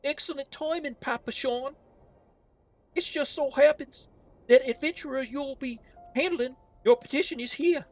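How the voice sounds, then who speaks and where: A woman's voice: high-pitched, normal speed, a little mellow, pitched above the performer's own voice. Woman doing a wise-guy innkeeper. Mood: courtly. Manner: put-on New Jersey wise-guy accent; formal, old-fashioned speech. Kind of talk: voicing game dialogue on a stream.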